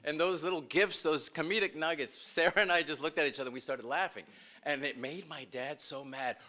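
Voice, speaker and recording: A man's voice: medium pitch, sharp tone. A middle-aged man speaking at a memorial gathering, recalling his father with emotion and laughter. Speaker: son giving a eulogy. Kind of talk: memorial speech.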